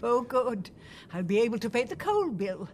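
Fiery older woman for a radio drama, high pitched, very lively delivery. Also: moderate pace, slight background noise. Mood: emphatic. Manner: passionate, emphatic, sweeping. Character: spirited older woman recalling a bitter old love.

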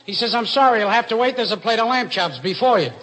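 High-voiced stand-up comedian man. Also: fast, very noisy. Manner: deadpan one-liners with sung bookends. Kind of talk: rapid-fire stand-up jokes.

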